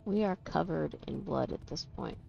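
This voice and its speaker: Gravelly low-voiced woman gaming. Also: animated, normal speed, mellow, highs cut off, soft background music. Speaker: co-player on a stream. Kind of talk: casual gaming chat.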